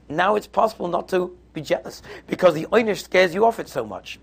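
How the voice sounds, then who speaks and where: A man's voice: high-pitched, animated, fairly quick, creaky, husky. A man giving a Torah lesson, explaining texts step by step in a conversational, storytelling way. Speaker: Torah teacher.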